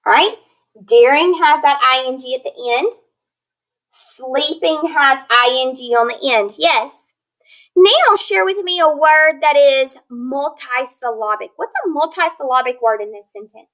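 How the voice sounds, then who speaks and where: High-voiced woman teaching phonics. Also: fairly bright tone, rough recording. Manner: slow, clear modeling of words; patient, encouraging. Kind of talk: phonics lesson.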